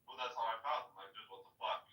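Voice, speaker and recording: Bright-voiced man trading taunts. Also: mid-range voice, fast. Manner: taunting, keeps repeating short retorts. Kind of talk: casual crude banter. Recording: roomy, distant mic.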